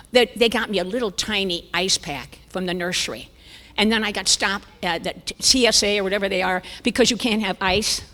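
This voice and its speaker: Lively older lady telling funny stories at a church conference, big echoey hall. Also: mid-range voice. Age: 70s. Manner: lively, self-mocking, chuckling storyteller. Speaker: conference speaker. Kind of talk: humorous storytelling talk. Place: church sanctuary.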